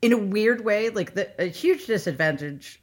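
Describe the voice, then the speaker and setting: A woman's voice: medium pitch, animated, husky. A woman guest, a psychologist, talking casually with hesitant starts and frequent laughs. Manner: halting, self-deprecating, laughs through answers. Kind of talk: casual interview chat.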